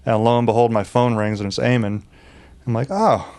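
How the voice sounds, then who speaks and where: A man's voice: medium pitch, little pitch movement, fairly quick, darkish tone, smooth. A man, a podcast guest telling rowdy stories in casual chat, swearing freely and laughing often. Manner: profane, laughing, acts out quotes in raised voices. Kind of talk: casual storytelling.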